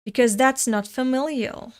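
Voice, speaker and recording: A woman's voice: sits high, normal speed, close to an everyday voice. A woman voicing a pushy male restaurant manager who lectures his staff about being a family. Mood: preachy. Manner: lecturing, preachy.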